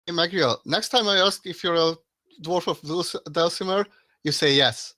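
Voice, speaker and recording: A man playing a tabletop game, asking quick, playful questions in character and out. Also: fairly high pitch, pushed and bright, no echo, clean studio sound. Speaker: player. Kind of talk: tabletop game play over voice chat.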